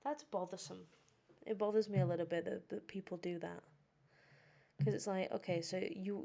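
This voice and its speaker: A woman teaching English on a live stream, chatting casually in a playful, self-teasing way with soft asides. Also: mid-range voice, steady tone, moderate pace, gravelly.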